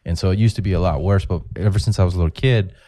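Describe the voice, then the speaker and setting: A man's voice: low-pitched, very fast, dry recording, clean studio sound. A comedian in his forties, telling rambling, profane stories in a casual podcast chat. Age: 40s. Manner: profane, rambling, animated storytelling. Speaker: comedian guest.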